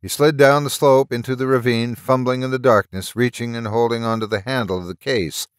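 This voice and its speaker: A man narrating a horror story at a steady, measured pace, close to the mic. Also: mid-range voice, clean tone, dry recording. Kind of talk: audiobook reading of a story.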